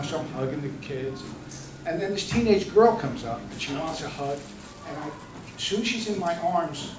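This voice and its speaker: Middle-aged man telling a story in an echoey room. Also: fairly high pitch. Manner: rambling, warm storytelling with fillers and restarts. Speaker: charity founder giving a speech. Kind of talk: personal story told to an audience. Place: event room with an audience. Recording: echoey room from far off, with noise.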